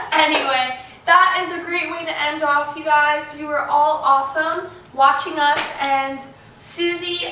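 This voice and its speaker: Giving short, patient commands to her puppy, a woman who trains dogs and hosts a channel runs a casual tutorial. Her voice is high and bright, with a forceful tone, and the recording has an echoey room, a distant mic and faint dog sounds.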